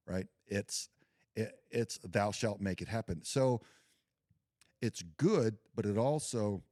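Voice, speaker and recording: A man's voice: on the low side, dark tone, dry recording, clean studio sound. A man talking as a podcast guest in an earnest, intense way. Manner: earnest, intense, faith-driven. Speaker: podcast guest, military veteran. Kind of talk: casual podcast conversation.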